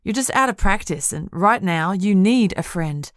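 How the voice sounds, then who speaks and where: A woman's voice: medium pitch, animated, normal speed, dry recording, studio quality, natural voice. A woman voicing a fierce young woman friend who talks bluntly and sharply. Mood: firm. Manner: sharp, scolding, then firmly caring.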